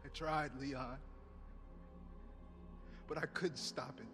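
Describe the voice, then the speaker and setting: A man's voice: on the high side, fairly even intonation, takes it slowly, music in the background. A man playing a wounded, selfless police lieutenant in a game, weak and strained as he pleads. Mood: pleading.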